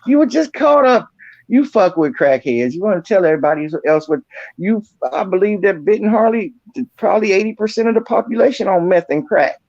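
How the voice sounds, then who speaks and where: A man's voice: sits high, brisk, a little mellow, no room sound, highs cut off. A man hosting an online roast, ranting and mocking a rival with heavy cursing. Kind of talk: profane roast rant.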